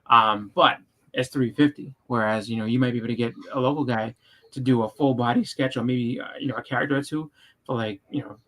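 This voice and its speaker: A man with a thick Boston accent, co-hosting a podcast in casual chat, talking in quick, stumbling bursts full of fillers. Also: mid-range voice, sharp tone. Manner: rapid, stumbling delivery with many fillers. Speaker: podcast co-host.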